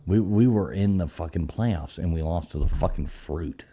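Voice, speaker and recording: A man with an extremely low, deep voice runs through football games in casual chat. He is blunt and swears freely, speaking with easy confidence. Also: moderate pace, mellow, husky. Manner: profane, blunt, opinionated. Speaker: podcast co-host.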